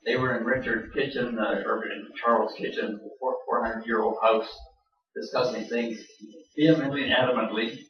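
A man's voice: medium pitch, fairly even intonation, moderate pace, slight background noise. Older man preaching in a roomy hall. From Canada. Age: 70s. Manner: folksy, joking asides. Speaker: pastor. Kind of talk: sermon. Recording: roomy hall, distant mic, dull sound.

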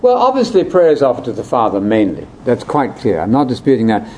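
A man leading a conversational Bible discussion, explaining in an animated way that jumps between high and low pitch. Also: fast, slight background noise. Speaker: Bible teacher.

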